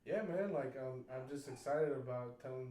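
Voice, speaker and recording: A man co-hosting a casual podcast chat, speaking in an earnest, halting way with many restarts. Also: mid-range voice, dark tone. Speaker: podcast co-host, uncle. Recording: roomy, distant from mic, faint ambience.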